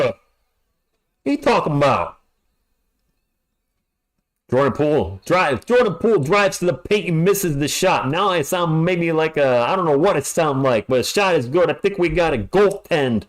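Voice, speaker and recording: A man's voice: fairly high pitch, very animated, normal speed. A man calling a basketball game live as a fan commentator, chatting and ranting between plays. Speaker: play-by-play commentator.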